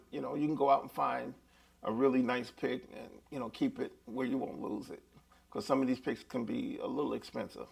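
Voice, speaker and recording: A man teaching a live beginner guitar lesson, chatty and relaxed, talking straight to his viewers. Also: a little high, gravelly.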